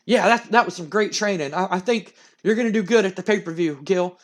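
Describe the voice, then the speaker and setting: A man playing a reassuring male trainer who encourages a friend. The voice sits a little higher than the narrator's own and a little softer. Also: a little fast, lightly acted. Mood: encouraging.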